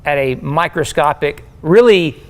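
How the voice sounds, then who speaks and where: A man hosting a casual technical panel, eager and agreeable, often chiming in. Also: on the high side. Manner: eager, agreeable, quick to chime in.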